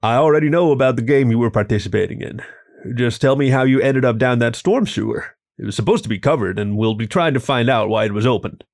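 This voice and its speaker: A gruff bear security officer , voiced by a man reading aloud, speaks in a stern, official storybook tone. The gravel in his voice sounds dry and close. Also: mid-range voice, quick pace, darkish tone, no echo, close to an everyday voice.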